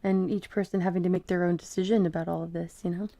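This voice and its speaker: A woman's voice: lowish voice, little pitch movement, fast, mellow, no echo. A woman hosting an online panel conversation, rambling a little and reading out chat comments between her own thoughts. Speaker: host.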